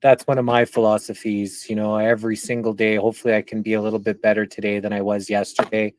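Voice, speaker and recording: A man's voice: fairly low pitch, level tone, quick pace, no echo. A man from Canada hosting a casual interview, asking rambling, reflective questions. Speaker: interviewer, channel host.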